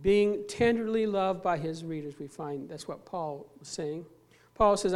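Pastor preaching, earnest and emphatic, mid pitch, drags out key words, repeats bits. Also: unhurried. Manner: repeats and restarts phrases while preaching. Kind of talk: sermon.

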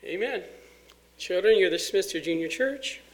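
A man's voice: high-pitched, animated, moderate pace, noisy background. A man preaching a sermon as pastor, in a plain conversational way with occasional fillers, recorded in a church sanctuary. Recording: echoey church hall.

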